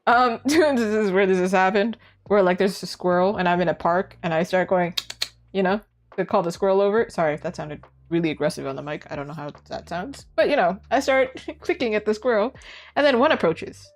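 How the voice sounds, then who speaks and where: Talking fairly quickly, a chatty young Canadian art streamer giggles through casual conversation with her viewers. Her voice swings lively in pitch, with slight background noise and faint music behind her.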